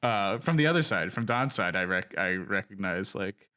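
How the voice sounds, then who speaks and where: A man with a lowish voice hosts a casual podcast. His tone is bright and forceful. He keeps the discussion moving in an earnest way. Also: expressive, moderate pace. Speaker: podcast host. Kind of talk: casual chat.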